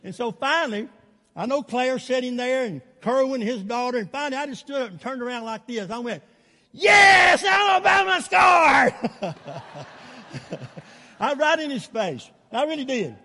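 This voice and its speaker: Very high-voiced older pastor. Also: male voice, in a large hall, a little hiss or hum. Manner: animated storytelling, chuckling between lines. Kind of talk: sermon.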